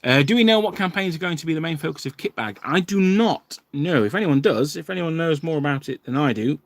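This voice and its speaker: Speaking in a mid-range voice with no echo, this wargaming channel host chats loosely on a livestream. He rambles, often restarting sentences and leaning on fillers.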